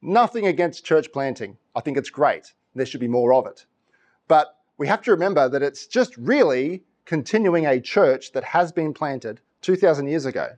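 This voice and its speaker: A middle-aged pastor preaching a sermon in an animated storytelling way. His voice sits a little high and swings widely in pitch as he acts out little voices and laughs between lines. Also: normal speed.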